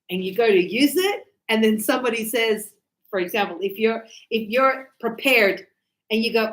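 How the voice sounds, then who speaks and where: A woman teaching an English class in a chatty, lively way, acting out everyday conversations. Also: high-pitched, normal speed, echoey room, slight background noise, low-quality recording.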